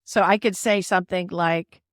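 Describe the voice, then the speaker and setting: A woman's voice: fairly low pitch, fairly even intonation, normal speed, no room sound, clean studio sound. A woman hosting a podcast, explaining ideas in a casual, playful way and leaning on emphasis. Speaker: podcast host.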